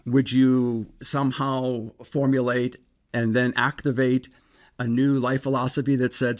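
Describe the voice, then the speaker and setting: A psychologist hosting a self-help podcast speaks earnestly and measuredly, posing reflective questions to the listener. His voice is medium-pitched with little pitch movement.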